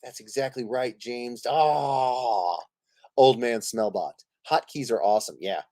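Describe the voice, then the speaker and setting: A man's voice: mid-range voice, a little slow, dry recording, clean studio sound. A man hosting a live stream, chatting casually and laughing while he plays a card game with friends. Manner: animated, laughing, swearing playfully. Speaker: streamer host.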